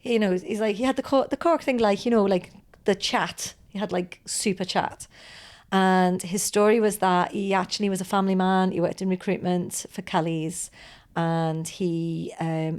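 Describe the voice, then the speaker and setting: A woman's voice: fairly low pitch, steady tone, normal speed, darkish tone. A woman hosting a podcast, telling a long story in a chatty, rambling way with many asides. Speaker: podcast host. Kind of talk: casual storytelling chat.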